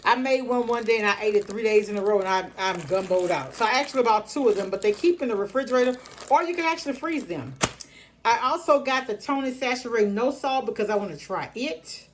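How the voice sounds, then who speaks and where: A woman's voice: on the high side, lively intonation, brisk, slight background noise. A middle-aged woman, chatting casually through a grocery haul and talking to her viewers in a folksy way. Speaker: vlogger.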